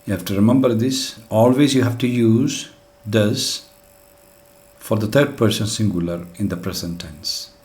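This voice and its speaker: Low-voiced guy teaching english grammar, patient, goes step by step through examples. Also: a little slow, a little mellow. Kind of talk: recorded grammar lesson.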